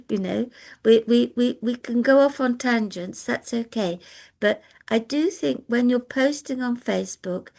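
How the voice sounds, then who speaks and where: Older woman, chatty storyteller on a video call, gravelly edge. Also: a little high, darkish tone. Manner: chatty, laughs often, rambling anecdotes. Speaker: guest speaker.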